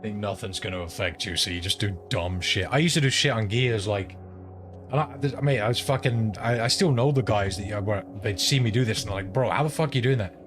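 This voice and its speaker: A man's voice: on the low side, fairly quick, music in the background. A man streaming a game, telling a long story in rambling, profane casual chat. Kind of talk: casual chat while gaming. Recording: steady background noise.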